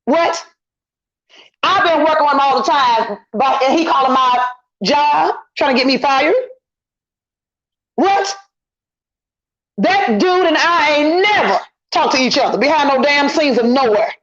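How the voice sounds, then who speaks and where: A woman's voice: high voice, animated, normal speed, fairly bright tone. A middle-aged woman guesting on a casual online commentary chat, talking emphatically and repeating her points as she vents. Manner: emphatic, repetitive, indignant venting. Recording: lo-fi dull audio.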